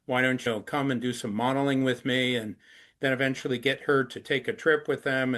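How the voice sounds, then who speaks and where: A middle-aged man being interviewed, earnestly explaining hard subjects through step-by-step examples. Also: mid-range voice. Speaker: anti-trafficking activist, interview guest. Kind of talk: conversational interview.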